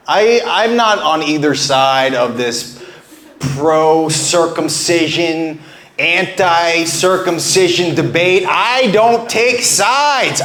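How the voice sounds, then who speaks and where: A man's voice: fairly high pitch, fairly bright tone. A man doing a stand-up set on a small club stage, rambling through absurd jokes with stammering restarts into a handheld mic. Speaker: stand-up comedian. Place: small club stage before a live audience. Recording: roomy live club sound.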